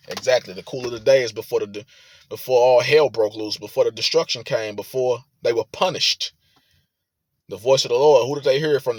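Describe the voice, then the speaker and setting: A man reading scripture aloud with sermon commentary, forceful and profane, rising to loud emphatic reading. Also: medium pitch, dry recording. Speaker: preacher.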